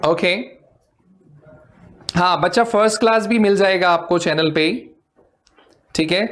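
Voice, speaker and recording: A man's voice: high-pitched, a bit bright. Man teaching spoken English. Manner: explains in quick Hindi, then slower careful English; drills tongue twisters aloud. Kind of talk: live online English lesson.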